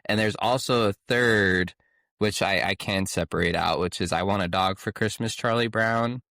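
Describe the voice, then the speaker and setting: A man's voice: lowish voice, normal speed, creaky, sharp tone, no room sound, clean studio sound. A man co-hosting a film podcast, chatting in an easygoing way with laughing asides. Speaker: podcast co-host. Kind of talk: casual film chat.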